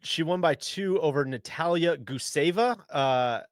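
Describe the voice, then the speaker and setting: A man's voice: a little high, a little slow, dry recording, studio quality. A man hosting a casual golf podcast, chatting and reading an ad. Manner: conversational, reads ad copy. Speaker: podcast host.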